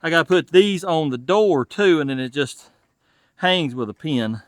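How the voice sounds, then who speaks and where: Folksy Southern man, slightly high voice. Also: animated, moderate pace. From Tennessee. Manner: folksy, thinks aloud while working. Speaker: channel host and mechanic. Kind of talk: casual narration while working on a truck.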